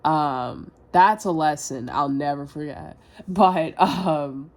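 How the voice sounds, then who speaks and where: A woman's voice: sits low, slow. Rambling young woman venting to camera. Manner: rambling, self-deprecating, heavy filler words and swearing. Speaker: vlogger. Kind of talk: rambling confessional vlog.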